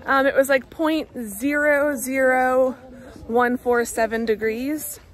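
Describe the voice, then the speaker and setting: An American woman hosts a travel vlog in an upbeat, chatty voice. Her pitch is high, and she keeps jumping in with quick asides. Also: fairly even intonation. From United States. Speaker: vlog host. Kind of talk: casual chat. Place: outdoors on a river boat.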